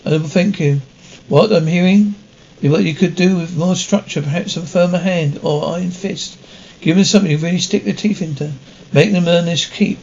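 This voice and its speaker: An actor playing a mild, genteel pirate captain who talks in an earnest, overly polite way. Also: male voice, sits high, normal speed, creaky, darkish tone, dull audio. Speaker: ship's captain. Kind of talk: comedy TV series acting.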